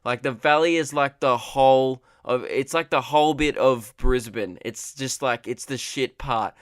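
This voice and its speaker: A man's voice: medium pitch, unhurried, no room sound, studio quality. A man hosting a comedy podcast, telling a story casually, rambling with restarts and fillers and swearing freely.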